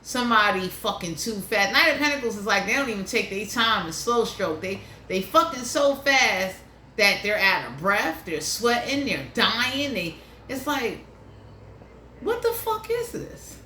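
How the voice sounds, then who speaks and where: A woman's voice: mid-range voice, lively intonation, moderate pace, sharp tone. A woman giving a blunt, profane tarot reading in a casual, ranting monologue. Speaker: tarot reader. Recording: echoey room, faint hiss.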